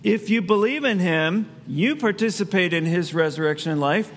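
A man's voice: high-pitched, expressive, normal speed, big-room sound, a little hiss or hum. A man preaching a sermon as pastor, in a conversational way with asides he laughs at himself.

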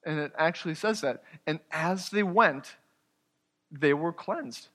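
A man preaching a sermon as pastor, earnest, moving between loud emphasis and quiet, hushed asides. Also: on the high side, animated, unhurried, long reverb tail.

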